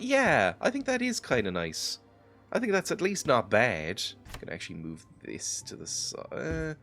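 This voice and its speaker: A man's voice: mid-range voice, huge pitch swings, moderate pace, fairly bright tone, soft background music. A sick man giving rambling, self-mocking commentary while playing a game, chuckling often. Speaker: gaming video host. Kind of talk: casual let's-play commentary.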